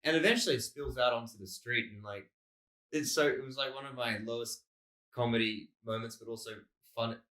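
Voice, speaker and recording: A man's voice: medium pitch, fairly quick, sharp tone. An Australian man co-hosting a casual podcast, a rambling storyteller who swears freely and acts out what people said. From Melbourne, Australia. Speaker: podcast co-host, comedian.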